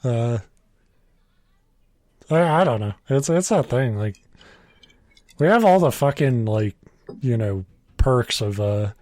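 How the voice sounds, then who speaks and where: Deadpan guy cohosting a podcast, mid pitch, dead dry sound. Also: slow, pauses often, dry recording. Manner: deadpan, swearing, self-mocking. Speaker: podcast co-host. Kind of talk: casual rambling chat.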